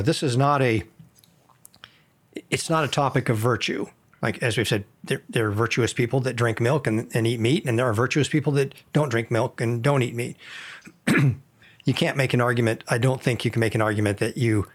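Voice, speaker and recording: A man hosting a casual podcast discussion, speaking in a measured, thoughtful way with some hesitation. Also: mid-range voice.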